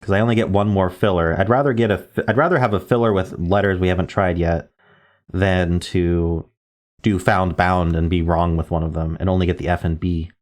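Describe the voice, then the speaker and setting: A man with a low, deep voice talks his way through word puzzles, spelling out letters and musing over guesses. He keeps it casual and thinking-aloud, often correcting himself mid-sentence. Keyboard typing clicks sound behind him. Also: steady tone, a little fast. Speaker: word game streamer.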